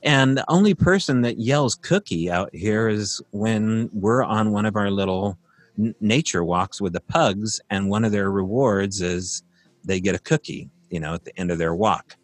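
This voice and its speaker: A man's voice: lowish voice, normal speed, dry recording. A man casually telling a long, rambling story from his rural property, with many fillers and restarts.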